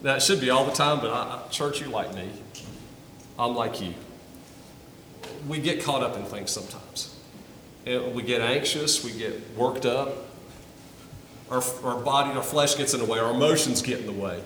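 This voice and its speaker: A man's voice: mid-range voice, normal speed, long pauses, a bit bright, a little hiss or hum. A man preaching a sermon to his congregation, earnest and often repeating his first words as he starts a thought. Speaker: pastor. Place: church sanctuary. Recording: roomy hall, from a distance.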